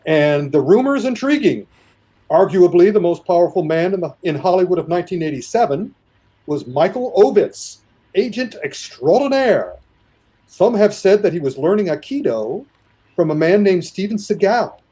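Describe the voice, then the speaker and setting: A man on a podcast reading aloud from his notes, with a measured, storytelling delivery. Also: sits high, animated, warm tone, breathy edge.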